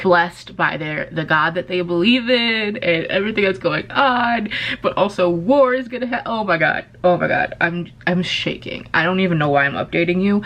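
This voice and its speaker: A woman in her twenties, a book vlogger, chatting casually into her camera in an excitable, gushing way, swearing now and then. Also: on the low side. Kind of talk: casual vlog chat.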